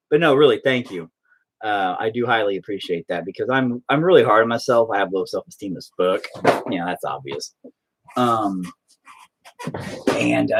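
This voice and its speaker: Slightly low and edged with breathiness, this young man's voice narrates a painting video. He keeps up a casual, self-deprecating chatter aimed at his canvas, with swearing throughout.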